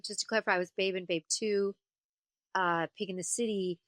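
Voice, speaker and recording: Woman, voice actor, interview guest, animated storyteller, forceful tone, dry sound. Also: lowish voice, fairly quick, dry recording. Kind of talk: casual interview chat.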